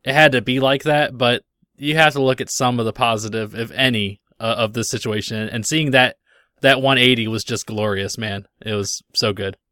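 A young man talks casually on a podcast, laughing and telling stories with animation. His voice is bright and sits close and dry on the mic. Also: mid-range voice, fairly even intonation, moderate pace, smooth, no room sound. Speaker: podcast co-host. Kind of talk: casual chat.

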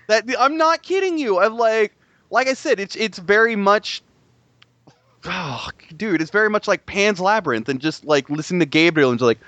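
A young man gushes about video games in a rambling, profane, excitable way. His voice sits a little high and sounds dry and close, with no room around it. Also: moderate pace, dry recording, muffled recording. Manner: excitable, rambling, swears a lot. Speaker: gaming podcast co-host. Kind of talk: casual profane chat.

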